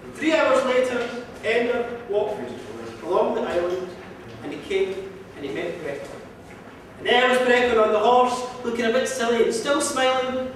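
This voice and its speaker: A man spins an old folk tale with a lilting, rhythmic telling. His voice sits high for a man and rings out in a museum hall with a long echo, picked up from far back. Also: normal speed, a bit bright, a little hiss or hum. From Ireland. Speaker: storyteller. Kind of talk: live folk storytelling.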